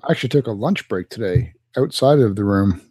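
Male co-host, average pitch, offhand deadpan delivery, dry mic. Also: brisk, husky, no room sound. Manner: laid-back, deadpan, offhand. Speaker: podcast co-host. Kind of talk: casual podcast chat.

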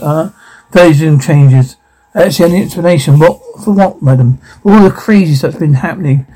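A man voicing a troubled pregnant wife who blames herself, in a halting, unpolished reading. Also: fairly high pitch, mellow, breathy edge, rough recording.

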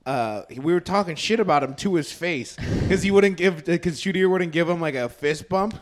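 A man's voice: fairly high pitch, moderate pace. A man telling mocking stories during casual podcast banter. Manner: storytelling, mocking, laughs often. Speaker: podcast co-host.

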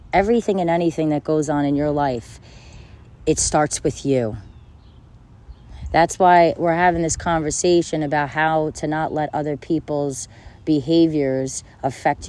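A self-help speaker in a casual motivational monologue, blunt and profane, hammering the same points again and again. The voice sits in a middling pitch with a dark, mellow tone. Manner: blunt, profane and repetitive, with bursts of laughter.

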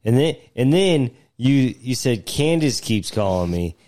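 A man's voice: medium pitch, sing-song, unhurried, a little mellow. A man on a phone call, telling a story in casual chat with stammers and restarts. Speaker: caller on the phone.

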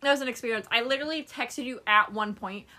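A woman's voice: fairly high pitch, fast. A woman podcast host casually telling a story, acting out the people she quotes and swearing offhandedly. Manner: animated, acts out quoted people.

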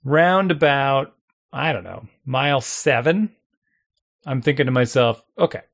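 A man casually telling a long story, animated, acting out his own thoughts and chuckling often. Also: mid-range voice, a little slow, vocal fry. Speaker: storyteller guest.

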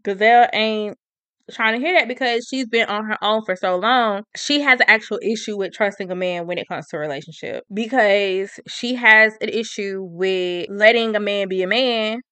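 A woman's voice: mid-range voice, moderate pace, fairly bright tone, clean tone, dry recording. A woman casually recapping a story in an emphatic, opinionated, slangy way.

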